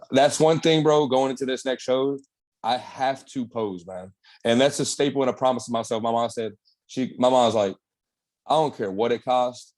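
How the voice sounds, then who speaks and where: A man's voice: medium pitch, darkish tone. A young man, a bodybuilder guest on an interview, telling his story in a laid-back, slangy way with lots of swearing. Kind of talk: casual candid storytelling.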